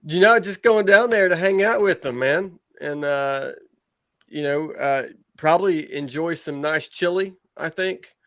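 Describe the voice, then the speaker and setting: A man's voice: fairly high pitch, a little slow, fairly bright tone, no echo. Laid-back guy on a sports show panel, dry close sound. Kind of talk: casual panel banter.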